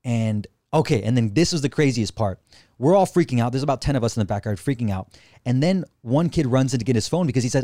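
A man of average pitch tells a story with animated, excitable energy, throwing in slang and curse words. The recording is dry and close, with almost no room sound. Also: quick pace, no echo. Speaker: podcast guest. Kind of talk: casual storytelling.

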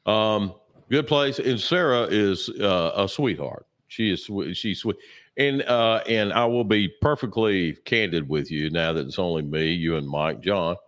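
A man with a very low, deep voice chats casually as a co-host. He rambles through his stories with plenty of fillers, restarts and throat clearing, sounding a bit sore and sluggish. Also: measured pace, fairly bright tone. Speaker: podcast co-host. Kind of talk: casual chat.

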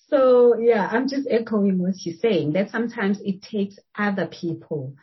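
A woman's voice: medium pitch, animated, slow pace, husky, muffled recording. A South African woman hosting a podcast, chatting casually and laughing often. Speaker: podcast host. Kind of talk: casual chat.

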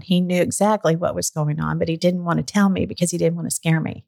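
A woman's voice: fairly low pitch, fairly even intonation, quick pace, gravelly, few pauses, darkish tone. A middle-aged woman telling a personal story in a candid, chatty way, sometimes getting emotional. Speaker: podcast guest. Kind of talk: casual storytelling chat.

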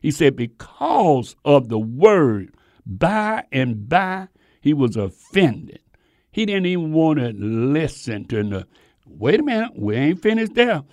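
A man's voice: on the high side, sing-song, slow, a little mellow, no echo, clean studio sound. A man preaching a sermon in an emphatic, conversational way, asking his listeners rhetorical questions.

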